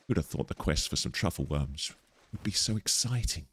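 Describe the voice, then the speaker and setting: A man's voice: extremely low pitch, animated, a little slow, a bit bright, breathy edge. A man live-streaming a game, chatty and playful, talking through what he is doing. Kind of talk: casual live-stream chat while gaming.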